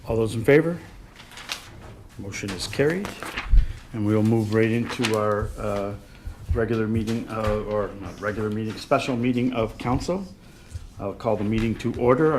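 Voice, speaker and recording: A man, the mayor, chairing a council meeting in the chambers. He calls motions briskly and adds some light joking. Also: lowish voice, a little mellow, a little hiss or hum.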